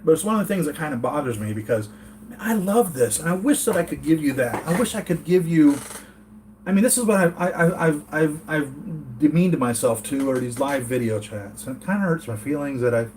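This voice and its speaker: A man's voice: a little high, expressive, a little fast, a little mellow, a little hiss or hum. Earnest, rambling American man vlogging. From United States. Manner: rambling, earnest, reads chat comments aloud. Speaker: toy collector channel host. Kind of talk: casual live-chat vlog. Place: home.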